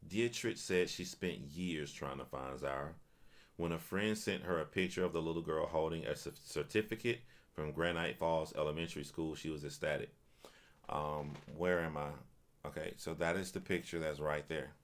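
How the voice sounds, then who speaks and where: Guy on a stream reading news out loud, really deep voice, keeps stopping to go "what are the odds", repeats himself a lot. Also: steady tone, normal speed. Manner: reads aloud, then stops to react with stunned remarks; repeats himself and restarts phrases. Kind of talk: casual reaction commentary.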